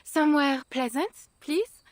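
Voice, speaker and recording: A woman's voice: a little slow, dry recording, clean studio sound. An actress voicing a refined, overly polite woman who speaks with a French accent in a game. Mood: gracious. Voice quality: high, formal and courteous. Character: refined, overly polite lady freed from captivity. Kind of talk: game voice acting.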